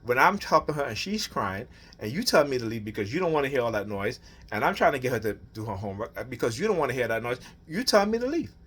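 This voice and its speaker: A man's voice: mid-range voice, expressive, fast, few pauses, a bit bright, slightly rough. A man venting about family matters in a rambling, heated monologue, often asking "right?". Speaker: father venting on his channel. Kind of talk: casual rant to camera.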